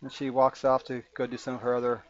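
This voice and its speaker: A man narrating as game master of a tabletop game, with halting, rambling delivery. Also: mid-range voice, monotone, slight background noise. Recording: muffled lo-fi audio.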